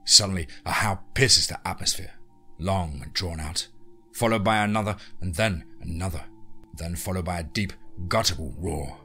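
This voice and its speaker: A man hosting a podcast, narrating a horror story in a deliberate, hushed way. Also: low-pitched, slightly rough, soft background music.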